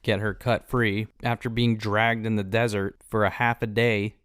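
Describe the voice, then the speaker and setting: A man's voice: lowish voice, level tone, normal speed, a bit bright, clear, resonant tone, no echo. A man co-hosting a podcast, chatting casually about a film with wry, dry jokes. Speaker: podcast co-host.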